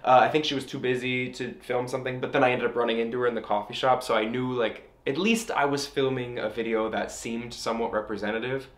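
A man's voice: medium pitch, fairly even intonation, quick pace, hardly any pauses, a little hiss or hum. A young man talking casually to camera as a travel vlogger, chatty and playful, often laughing.

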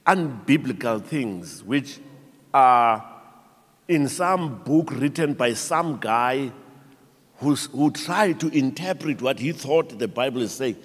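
A mid-range, slow South African voice delivers a sermon with long pauses, the pastor acting out quoted characters with animation. Long church-hall reverb trails his words.

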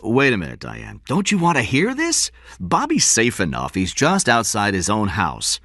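A man voicing a confident, scheming businessman in an audiobook, brisk, excited and commanding. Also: medium pitch, gravelly, no echo, studio quality, pitched above the performer's own voice, exaggerated voice.

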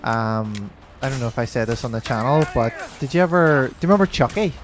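A man's voice: medium pitch, animated, quick pace. A man chatting casually while playing a co-op game, joking, swearing and laughing, with game music behind him. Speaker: gamer. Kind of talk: casual co-op gameplay chat.

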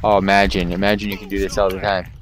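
A man hosting a let's play, excitable and swearing, calling his viewers boys. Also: low-pitched, fast, a crowd in the background, rough recording. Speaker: gaming channel host.

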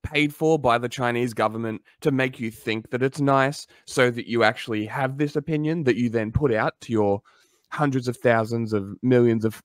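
A mid-pitched man talks in a loose podcast chat with heavy sarcasm and profanity. The sound is dry and close. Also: normal speed, no room sound. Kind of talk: casual heated chat.

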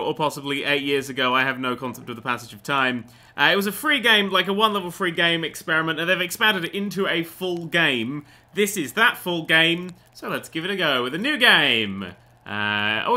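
Male gaming host, let's play commentary; tense, very bright tone, slightly high; sarcastic, tangent-prone, casual swearing. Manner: rambling, sarcastic, goes off on tangents.

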